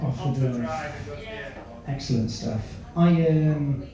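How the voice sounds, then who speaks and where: A man's voice: a little high, takes it slowly, crowd noise. A man doing a stand-up set, chatting and quizzing audience members from the stage. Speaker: stand-up comedian. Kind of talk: stand-up set with crowd work. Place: comedy club stage. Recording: echoey club, from a distance.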